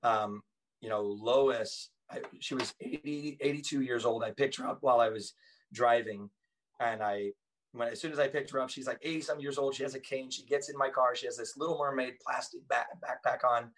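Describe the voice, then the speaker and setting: An earnest man tells stories as a guest in a relaxed conversation. His voice is mid-pitched and sits a little back from the mic. He talks with emphatic conviction. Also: normal speed, distant mic, poor audio. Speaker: podcast guest, author and former police officer. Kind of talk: casual storytelling conversation.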